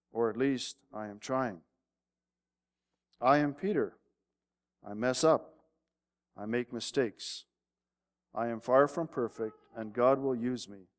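A man preaching a sermon in a mid-pitched voice, reading a story aloud and pushing to emphatic peaks. His words carry a long reverb tail from a large hall. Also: clean tone. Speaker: pastor.

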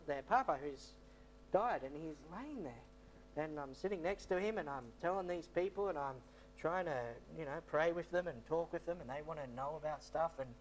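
A man's voice: fairly high pitch, normal speed, a little hiss or hum. Rambling man telling a story. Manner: rambling, repeats himself, many fillers. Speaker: missionary. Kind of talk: storytelling testimony talk.

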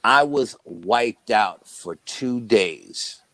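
A man with a lowish voice recounts events in relaxed, chatty storytelling. He keeps slipping into "I go" and "she goes" as he acts out each exchange. The recording is close and dry, with no room sound. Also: drawn-out words, no room sound, low-quality recording. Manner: animated retelling that quotes dialogue with "I go" and "she goes". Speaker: guest recounting a paranormal investigation. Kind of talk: casual spoken storytelling.

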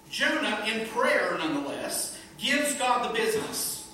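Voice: medium pitch, sing-song, a little slow, pushed and bright. A pastor preaching a sermon to a small congregation in an emphatic way, with rhetorical questions and playful asides. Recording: very echoey room, distant mic, faint noise.

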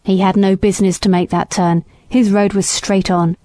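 A woman voicing a rough, hot-tempered male builder who speaks gruffly. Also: medium pitch, level tone, normal speed, dark tone, close to an everyday voice.

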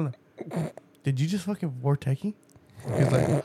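A man telling a story about his kid in casual chat, animated and swearing, laughing often and breaking into high laughs. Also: moderate pace, long pauses, slightly rough. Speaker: father, podcast co-host.

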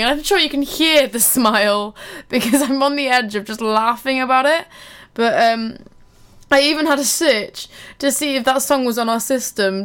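A woman's voice: fairly high pitch, a bit bright, clean tone. A woman presenting a local radio show, chatting casually between songs, giggly and rambling with many fillers.

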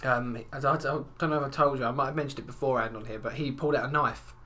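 This man speaks at medium pitch with a steady tone, rapid-fire, pushed and bright. He tells rambling stories in casual chat, laughing, swearing, and doing the voices of customers.

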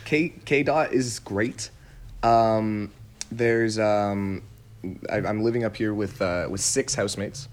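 A young man co-hosting a podcast chat, joking in a deadpan way with many fillers. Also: fairly low pitch, takes it slowly. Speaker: podcast co-host. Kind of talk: casual chat. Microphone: remote recording.

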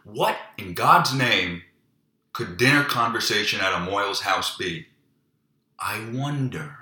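A man hosting a comedy podcast, telling crude stories in a deadpan monologue. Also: fairly low pitch, slow pace. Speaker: podcast host. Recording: echoey room.

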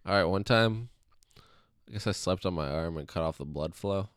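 A man's voice: low-pitched, moderate pace, clean tone, no echo, studio quality. A young man hosting a casual podcast chat, telling stories and laughing at himself often. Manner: laughs often, self-deprecating, storytelling. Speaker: podcast host. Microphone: close podcast mic, breath audible.

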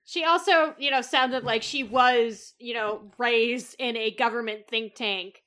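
A woman's voice: fairly high pitch, steady tone, unhurried, sharp tone. A woman co-hosting a podcast in casual chat, reading listener questions in a laid-back way. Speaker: podcast co-host.

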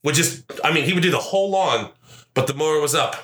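Male co-host, animated and laughing, bright voice, echoey room. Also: a little high, fast talker. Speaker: podcast co-host. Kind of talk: casual chat.

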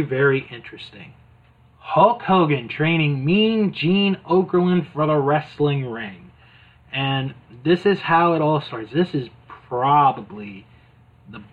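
A man's voice: fairly high pitch, slightly rough. A man casually retelling an old wrestling videotape scene by scene, amused and rambling with fillers. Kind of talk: casual chat. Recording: tinny phone-like sound.

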